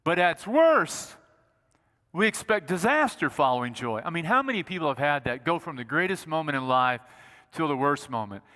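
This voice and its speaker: Male pastor, chatty humorous sermon, high voice, reverberant church. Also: big pitch swings, normal speed, sharp tone. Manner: conversational, humorous storytelling. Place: church sanctuary.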